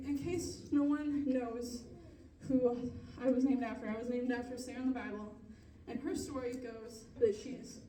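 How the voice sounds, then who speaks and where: High-voiced woman rambling through stand-up. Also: warm tone, reverberant, distant mic, slight background noise. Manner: rambling, self-deprecating storytelling with frequent laughs. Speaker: stand-up comedian. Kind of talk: stand-up comedy set.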